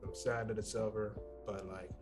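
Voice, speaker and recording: A young man, one of the players, saying a halting goodbye with many restarts. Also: fairly low pitch, level tone. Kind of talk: casual goodbye on a stream. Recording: faint music behind.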